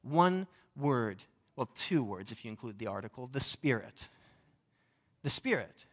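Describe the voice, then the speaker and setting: A man's voice: medium pitch, big pitch swings, unhurried. A young adult man, a pastor, preaching a sermon in a conversational, humorous way. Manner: conversational and humorous, varied delivery.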